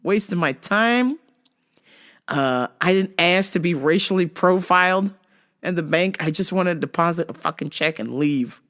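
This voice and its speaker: A woman hosting a podcast who tells stories in a profane, animated way, laughing often and acting out other people's lines. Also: on the low side, normal speed. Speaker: podcast host. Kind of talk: comedic storytelling.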